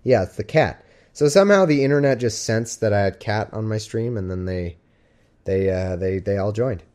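At a moderate pace, a man with a fairly low, slightly mellow voice hosts a podcast livestream at home alongside his cat. His talk is casual and rambling, peppered with jokes and fillers.

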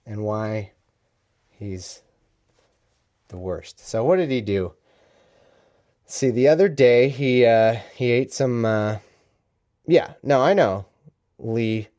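A man talks loosely at home as the host of his own podcast. He rambles and jokes, breaking off mid-sentence to restart. His voice sits at an ordinary middle pitch. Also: slow pace, pauses often, mellow. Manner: rambling, joking, self-interrupting. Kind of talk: casual livestream chat. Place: home room.

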